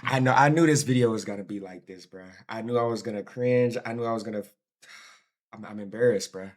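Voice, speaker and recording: A man's voice: on the low side, fairly quick. An American man hosting a reaction video, chatting casually in slang and laughing at his own people. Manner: chatty, slangy, self-mocking, often trails off softly.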